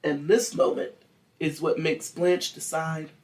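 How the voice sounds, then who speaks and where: Animated, crude true-crime podcast storyteller. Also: mid-range voice, a little slow, recorded from a distance. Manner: animated, crude, acts out quotes. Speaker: podcast host telling the story.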